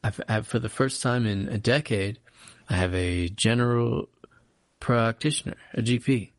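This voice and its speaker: A man co-hosting a podcast in casual comedic chat, tipsy and playful with deadpan teasing. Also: medium pitch, normal speed, no room sound, studio quality.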